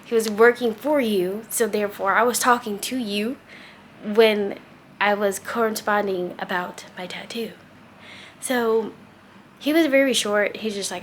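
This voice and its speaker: A woman's voice: medium pitch, unhurried, slight background noise. A young woman vlogger telling a casual, exasperated story, acting out quoted dialogue. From United States. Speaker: travel vlogger.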